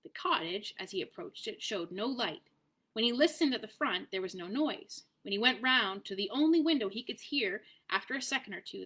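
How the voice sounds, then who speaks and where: Bright-voiced woman reading a story aloud. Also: fairly high pitch. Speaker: narrator reading aloud to family. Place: at home.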